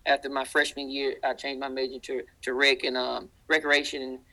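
A man with a deep Southern accent, a guest in a casual interview, telling animated stories and acting out the people he quotes. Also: brisk, rough recording. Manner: animated, acts out quoted voices.

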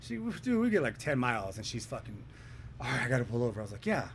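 A man's voice: mid-range voice, fast talker, creaky, background noise. A young man telling a rowdy story to friends in casual chat, swearing often. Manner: profane, animated, swears a lot. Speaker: podcast storyteller.

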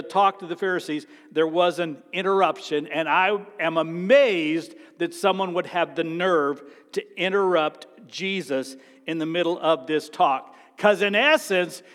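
A man preaching a sermon as pastor, dramatic, swinging from a near-whisper to loud exclaiming. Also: on the high side, long reverb tail. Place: church sanctuary.

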